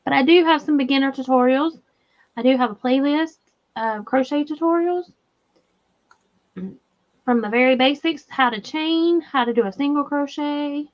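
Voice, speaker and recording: A woman with a high voice hosts a crochet livestream in a relaxed, chatty way. She explains the basics step by step. The stream audio is slightly muffled and lo-fi. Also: normal speed. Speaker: crochet channel host. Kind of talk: casual livestream chat.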